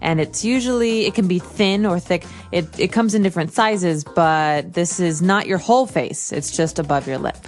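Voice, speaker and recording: Woman co-host explaining words clearly. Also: on the low side, moderate pace, hardly any pauses, darkish tone, faint music behind. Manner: friendly, explains clearly with examples. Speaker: English lesson co-host. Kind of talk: casual teaching chat.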